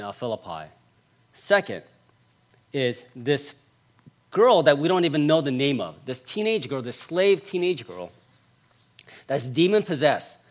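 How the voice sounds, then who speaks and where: Preaching to his congregation, a male pastor hammers points home through repetition and swings from booming passages to quiet ones. He speaks at a fairly high pitch.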